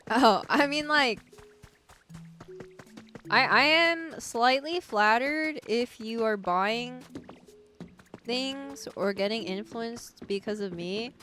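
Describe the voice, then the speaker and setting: A woman's voice: a little high, animated, takes it slowly, long pauses, sharp tone. A woman streaming a video game, chatting casually with her viewers, full of filler likes and laughing at herself. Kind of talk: casual gameplay livestream chat. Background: game music.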